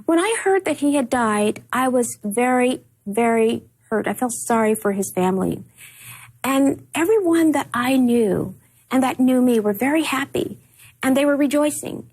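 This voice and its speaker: Husky-voiced woman recalling painful memories. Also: high-pitched, animated, darkish tone, low-quality recording. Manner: halting, repeats words when upset. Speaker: interview guest. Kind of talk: emotional personal recollection.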